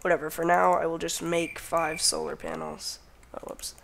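A man's voice: on the high side, flat delivery, normal speed, gravelly, a bit bright, slight background noise. A young man hosting a casual game let's play, talking to himself as he crafts and counting under his breath. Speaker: gaming channel host.

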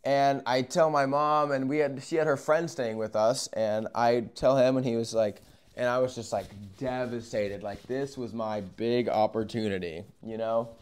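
A young man telling a story in a casual, profane, animated way, with sudden loud bursts and quiet asides. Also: medium pitch, normal speed, clear, resonant tone. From Arizona. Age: young adult.

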